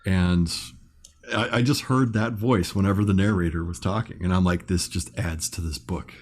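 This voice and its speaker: A man's voice: deep voice, fairly even intonation, normal speed, a little mellow. A man co-hosting a book podcast, joking around in casual chat. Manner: playful, jokey. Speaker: podcast co-host.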